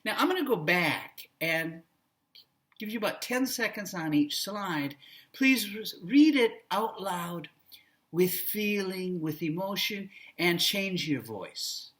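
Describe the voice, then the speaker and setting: A man training future teachers, giving a classroom lecture and demonstrating how to read aloud to children with a coaching manner. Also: high-pitched. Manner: slow, animated, coaching tone with vocal demos.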